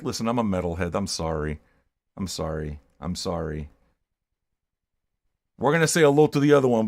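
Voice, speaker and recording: Older man, livestream host, brash and profane, loud and excitable, mid-pitched voice. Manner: loud, profane, hyped-up, shouting at times. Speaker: music stream host. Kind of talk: livestream chat with viewers.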